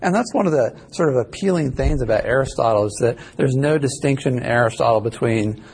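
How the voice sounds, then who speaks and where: A man's voice: mid-range voice, animated, brisk, a little mellow, a little hiss or hum. A male ethics instructor giving a casual, rambling classroom lecture that he records live as a podcast. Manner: casual, rambling, self-correcting.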